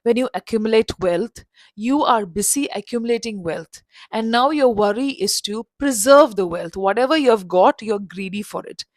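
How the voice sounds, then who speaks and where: A woman voicing an old male professor who lectures in a calm, dismissive way. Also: fairly high pitch, normal speed, dry recording, natural voice. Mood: lecturing.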